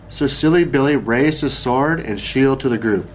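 A man reading a children's story aloud, slow and deliberate. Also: medium pitch, a little hiss or hum. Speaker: narrator.

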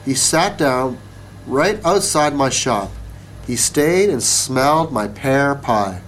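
A man's voice: medium pitch, animated, takes it slowly, a bit bright, slight background noise. A man voicing an indignant, self-righteous town baker in a storybook. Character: indignant male town baker, hot-tempered.

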